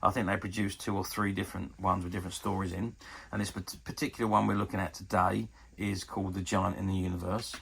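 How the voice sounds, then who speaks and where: Man, fifties, husky rough voice, casual show-and-tell review, hesitant pauses. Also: low-pitched, little pitch movement, fairly bright tone. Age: 50s. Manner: chatty and hesitant, often pausing with ums. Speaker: toy collectables dealer.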